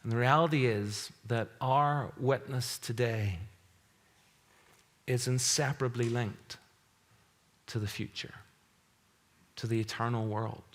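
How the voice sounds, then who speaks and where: A pastor preaching a sermon in an earnest, emphatic way, repeating key phrases for weight. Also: male voice, fairly low pitch, steady tone, a little slow, pauses often.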